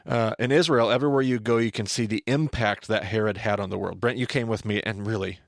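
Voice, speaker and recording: A man hosting a podcast, teaching on the Bible in an animated conversational way, often restarting and asking his co-host questions. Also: on the low side, fast, gravelly, no room sound, clean studio sound.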